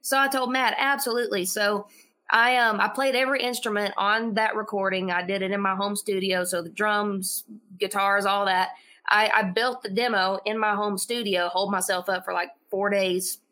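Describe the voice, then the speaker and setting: A woman who writes and sings songs, telling stories as a guest in a casual, animated way and often repeating words as she starts a sentence. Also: mid-range voice. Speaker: singer-songwriter guest. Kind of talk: casual storytelling chat.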